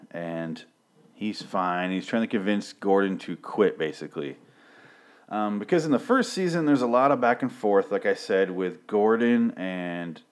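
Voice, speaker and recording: A young man casually recapping TV episodes, swearing often and rambling sarcastically with lots of fillers. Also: on the low side.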